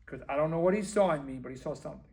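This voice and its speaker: Talking very fast in a fairly high, gravelly voice, a dentist animatedly motivates a group. He plays out conversations and uses repeated phrases for emphasis.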